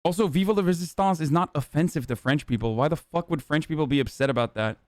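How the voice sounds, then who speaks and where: A man hosting a live stream talks casually and swears freely as he answers chat with sarcasm. His voice is smooth and resonant and sits a little high. The sound is close and dry, with no room echo. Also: quick pace. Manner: profane, blunt, reacting to chat with sarcasm. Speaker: livestream host.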